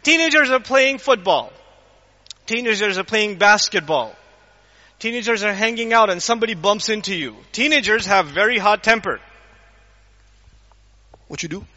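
Animated high-voiced male lecturer, lo-fi. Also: moderate pace, pauses often, big-room sound. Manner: animated, acts out scenes and quizzes the audience. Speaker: Islamic lecturer. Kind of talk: lively Quran lecture to a live audience. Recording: dull lo-fi lecture recording.

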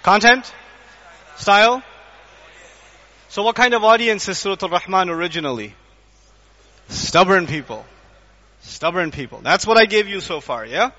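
Guy lecturing on the quran, super animated, acts stuff out, asks the crowd questions, dull lo-fi sound. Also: sits high, normal speed, pauses often, big-room sound. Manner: animated, acts out scenes and quizzes the audience. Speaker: Islamic lecturer. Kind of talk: lively Quran lecture to a live audience.

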